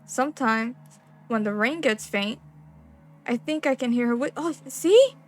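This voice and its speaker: A young woman with a slightly high voice plays through a game, reading the on-screen text and lines aloud. She breaks into excitable, profane, slang-heavy reactions between the reading. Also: moderate pace, soft background music. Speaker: gaming streamer.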